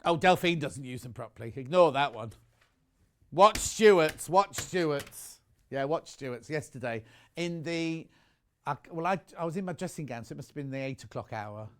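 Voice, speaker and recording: A man's voice: medium pitch, lively intonation, brisk. A British man presenting live on a shopping channel, chatty and rambling as he sells sewing goods. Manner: chatty, rambling, reads out viewer messages.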